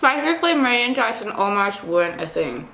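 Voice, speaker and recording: A woman's voice: medium pitch, big pitch swings, brisk, creaky, a bit bright. A young Australian woman chatting casually and giggling while eating on camera. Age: young adult. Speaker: vlogger host. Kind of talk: casual mukbang chat. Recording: echoey room with faint noise.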